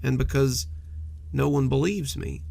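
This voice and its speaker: A man's voice: medium pitch, gravelly, dark tone. A man voicing a young boy who is nervous but trying to be brave. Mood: scared. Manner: halting, hesitant.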